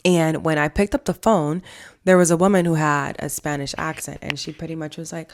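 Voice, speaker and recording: A woman's voice: sits low, fairly even intonation, a little fast. A woman hosting a casual storytime vlog, chatting through a personal story and acting out what people said. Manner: chatty storytelling, acts out quoted dialogue. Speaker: vlog host and family counselor.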